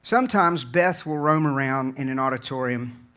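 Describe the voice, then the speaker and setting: A man from Virginia preaching a sermon in an earnest, conversational way, dropping low and quiet and then building to fervent peaks. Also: normal speed, clear, resonant tone. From Virginia, USA. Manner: conversational storytelling with repeated words and restarts.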